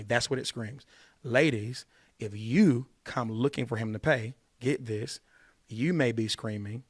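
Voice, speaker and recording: A man's voice: medium pitch, unhurried, husky, no echo, studio quality. A man hosting a podcast, giving dating advice in an emphatic, preachy way and repeating his points for force. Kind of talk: casual podcast talk.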